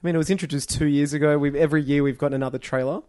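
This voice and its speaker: A man chatting about video games on a podcast, his voice sitting a little high for a man. He rambles, jokes and laughs a lot. The sound is close and dry. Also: fairly even intonation, rapid-fire, a little mellow, no room sound. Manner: laughs often, rambling and jokey. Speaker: podcast co-host. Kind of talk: casual gaming chat.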